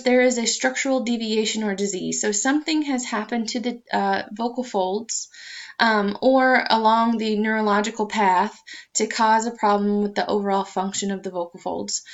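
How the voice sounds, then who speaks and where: A woman lecturing to students in an explanatory way, with frequent ums and uhs, on a dull lo-fi recording. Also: on the high side.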